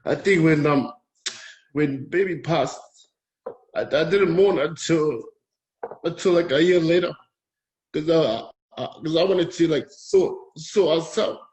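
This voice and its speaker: A Polynesian man talking candidly as a guest, in a hesitant, halting, soft-spoken way. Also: a little high. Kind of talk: candid personal conversation.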